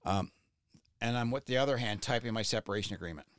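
A man's voice: lowish voice, fast, clear, resonant tone, no echo, clean studio sound. A man casually telling a personal story, blunt and profane, stammering and repeating words when worked up.

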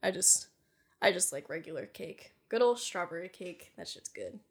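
A woman's voice: lowish voice, animated, normal speed. A woman co-hosting a podcast in casual chat, giggling often, swearing freely and saying "like" a lot. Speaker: podcast co-host.

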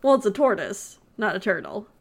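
A woman's voice: medium pitch, huge pitch swings, a little fast, creaky. A woman co-hosting a podcast, retelling a movie plot in casual chat with sarcasm and frequent laughter. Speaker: podcast co-host.

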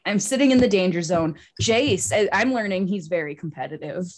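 Young woman cohost, chatty and laughy, tells stories all animated. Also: lowish voice, brisk. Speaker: podcast co-host. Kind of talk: casual chat.

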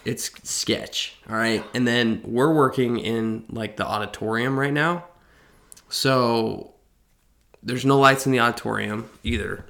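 Young guy co-host, bright tone, mid pitch, chatty and eager. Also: steady tone, measured pace, creaky. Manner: chatty, eager, finishes his co-host's sentences. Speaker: podcast co-host. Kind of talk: casual chat.

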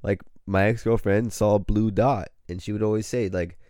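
A man's voice: on the low side, fairly even intonation, normal speed, dark tone, no room sound, studio quality. A man chatting casually on a podcast, rambling and swearing with lots of hedges. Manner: rambling, profane, hedging. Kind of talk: casual chat.

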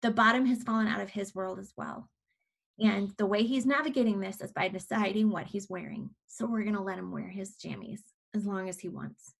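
A woman's voice: mid-range voice, fairly quick, vocal fry. A woman in her forties, a podcast guest, telling a personal story in a candid, reflective way with frequent restarts.

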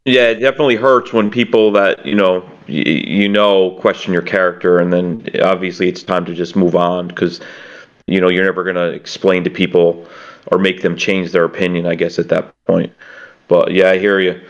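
A man's voice: low-pitched, level tone, moderate pace, highs cut off. A man hosting a casual podcast interview, encouraging and complimentary toward his guest. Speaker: podcast host.

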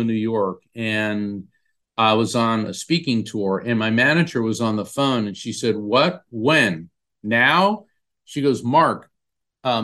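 A man in an interview spins a long anecdote. His voice sits at a middle pitch, and he brings quoted people to life as he goes. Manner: animated storyteller acting out quoted voices. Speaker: psychic medium guest. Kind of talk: storytelling in an interview.

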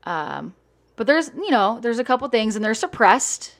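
A woman's voice: a little high, sing-song, moderate pace. Blunt, emphatic woman host. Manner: blunt, emphatic, swears freely. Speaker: salon owner and host. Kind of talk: casual chat.

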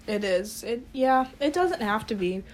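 A sick woman joins a movie chat with playful, giggly asides. Her voice runs a little high and swings up and down a lot. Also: expressive, unhurried. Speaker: podcast co-host.

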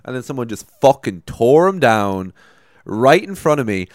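Man, young adult, from Ireland, casual podcast chat, very lively intonation, dry close recording. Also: mid-range voice, moderate pace, no echo. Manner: animated storytelling, swears a lot, voices his past self. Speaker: podcast co-host.

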